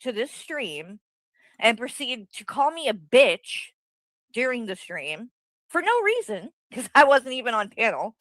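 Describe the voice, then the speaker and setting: A woman's voice: a little high, big pitch swings, unhurried, a bit bright, no echo, rough recording. A woman arguing on a livestream, bluntly accusing someone with swearing and rambling asides. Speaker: guest confronting the host. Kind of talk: heated livestream argument.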